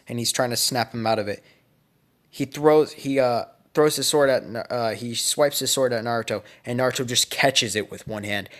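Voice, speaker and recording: A man's voice: mid-range voice, a bit bright. A young man casually narrating a fan-made story, speculative and rambling, often correcting himself.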